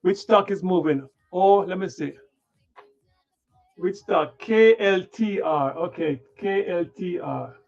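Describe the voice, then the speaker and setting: A man hosting a trading livestream mutters to himself in a slow, drowsy ramble and breaks now and then into loud, playful bursts. His voice sits high and rough with fry. Faint music runs under a dull, lo-fi recording. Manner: muttering to himself while setting up the screen. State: yawning, tired. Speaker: livestream stock trading host.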